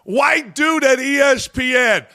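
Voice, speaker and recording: A man's voice: very high voice, takes it slowly, sharp tone. A man hosting a sports talk show, ranting in heated, profane commentary with mocking repetition.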